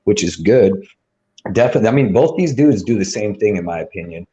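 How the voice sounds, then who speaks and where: A man with a low, mellow voice chats casually about fight picks and odds. He rambles loosely, tossing in "dude" and "you know what I mean" as he makes his case. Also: lively intonation, a little fast, dull audio. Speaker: co-host of a betting show. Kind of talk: casual sports betting chat.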